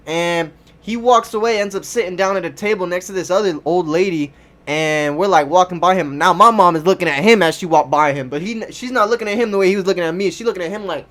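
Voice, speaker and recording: High-voiced young man telling a story, casual and profane. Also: fairly quick, a bit bright. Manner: loose, profane, slangy storytelling with many fillers. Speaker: vlogger.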